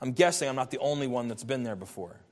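A man's voice: medium pitch, fast, long reverb tail. A man preaching a sermon as a pastor, earnest and emphatic, his voice rising in bursts.

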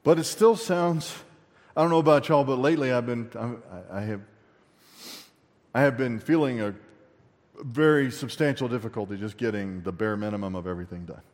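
Speaking a little fast, a middle-aged man delivers a sermon as pastor of a church sanctuary, alternating loud emphatic outbursts with soft, low asides. His delivery is conversational and full of rhetorical questions for the congregation, and the hall's long reverb carries through the recording.

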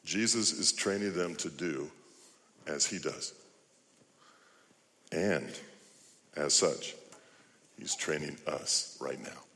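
A man's voice: very deep voice, takes it slowly, pauses often, bright, forceful tone. A male pastor preaching a sermon, firing off rhetorical questions and building to emphatic appeals. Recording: long hall reverb.

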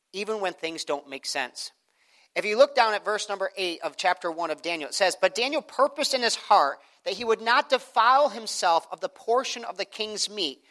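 A man, a pastor and father, preaching a sermon and praying, swinging from hushed prayer to loud, high emphasis. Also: rough recording. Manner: rises to loud, high preaching, then drops to soft prayerful tones.

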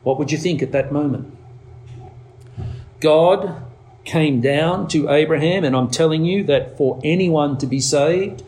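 A man preaching a sermon, leaning on words slowly for emphasis and climbing to urgent, raised passages. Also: darkish tone, a little hiss or hum. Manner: preaching with slow emphatic stresses, rising to urgent highs.

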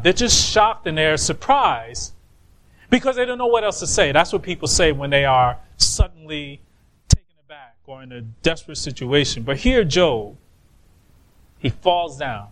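A male preacher with a high voice delivers a sermon at an unhurried pace. He lands on his main points with emphatic, drawn-out stresses.

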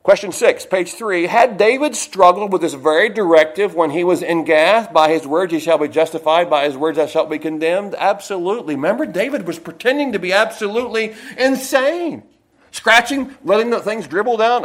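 A man's high, slightly bright voice carries a folksy sermon full of digressions. He slows when stressing a point and tucks in stories about himself.

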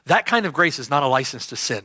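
Male pastor preaching, bright sharp tone, dry close sound, keeps repeating lines to drive them home. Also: medium pitch, very animated, fast, no echo. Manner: emphatic, repeats key phrases for stress. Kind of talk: expository sermon.

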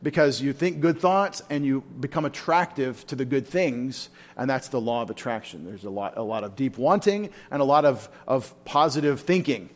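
A man's voice: mid-range voice, normal speed, hardly any pauses. A man teaching a Bible study in a church, talking informally and asking his listeners questions. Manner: informal, asks the room questions.

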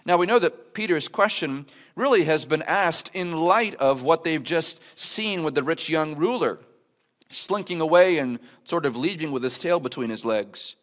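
A man's voice: a little high, animated, moderate pace, fairly bright tone. A man preaching a sermon as pastor at a church service, explaining scripture in an earnest, conversational way with emphatic rhetorical questions. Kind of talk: expository sermon.

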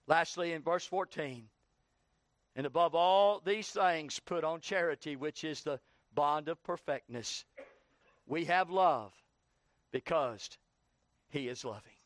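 Male pastor, high voice, fervent sermon delivery, dry close recording. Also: slow, pauses often, no echo. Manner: preaching with rising, heated questioning. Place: church.

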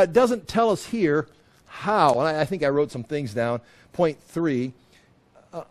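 A man's voice: on the high side, a little mellow. A man teaching a Bible passage verse by verse in a conversational way, often restarting and repeating phrases and acting out quoted voices.

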